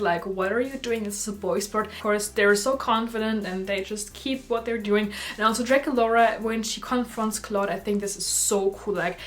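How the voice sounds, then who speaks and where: A young woman casually reviewing and ranking movies in a vlog, gushing and full of filler words. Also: medium pitch. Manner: gushing, animated, lots of "like" fillers.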